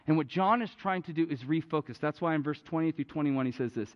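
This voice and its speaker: A man preaching a sermon as a pastor, telling a story with animated, urgent peaks. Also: a little high, quick pace, few pauses. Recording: dull, echoey hall.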